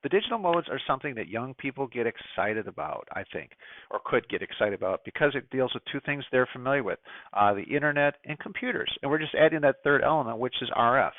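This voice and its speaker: A middle-aged man talks casually to a ham radio club, chatty and opinionated, with lots of asides and fillers. His voice sits at an ordinary pitch. The sound is dry and narrow, like a phone line. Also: expressive, fast talker, dry recording. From United States. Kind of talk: casual presentation talk.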